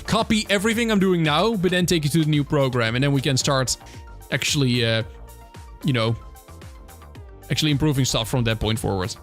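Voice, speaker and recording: A Dutch-accented man chatting loosely with his livestream viewers. His voice sits a little high for a man, and he rambles with easy fillers and restarts. Soft music plays behind him. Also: a little fast, long pauses. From Netherlands. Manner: chatty, reads and answers viewer chat, many fillers and restarts. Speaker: streamer. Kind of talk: casual livestream chat.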